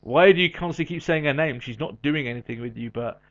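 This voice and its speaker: A man co-hosting a podcast in casual chat, animated and quick with asides and frequent laughs. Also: medium pitch. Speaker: podcast co-host. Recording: dull lo-fi audio.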